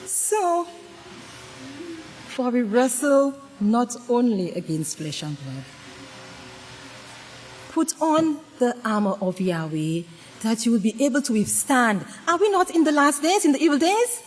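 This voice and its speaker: A woman giving a dramatic, humorous sermon-style talk to a congregation, swinging between loud exclamations and hushed tones and often asking the audience questions. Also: fairly high pitch, sing-song, a little slow, long pauses, a little hiss or hum. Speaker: speaker at a women's presentation to a congregation. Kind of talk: preaching with humorous storytelling. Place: congregation gathering.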